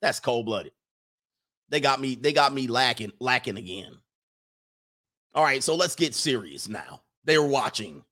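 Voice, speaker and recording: A man's voice: mid-range voice, measured pace, long pauses. Joking young man hosting a livestream. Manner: animated, joking, laughs often. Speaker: livestream host reading super chats. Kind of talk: casual livestream commentary.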